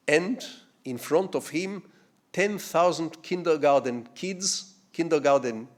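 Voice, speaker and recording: An older man from Israel with an Israeli accent, giving a public lecture as a digressive storyteller who poses rhetorical questions and swings from quiet asides to loud, sweeping lines. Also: fairly high pitch. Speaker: guest lecturer.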